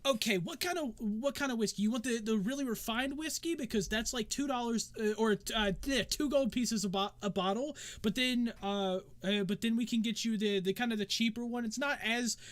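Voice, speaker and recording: A man's voice: very high-pitched, brisk, hardly any pauses, pitched above the performer's own voice. A man voicing a friendly female tavern dancer who rambles eagerly in a tabletop game. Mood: chatty.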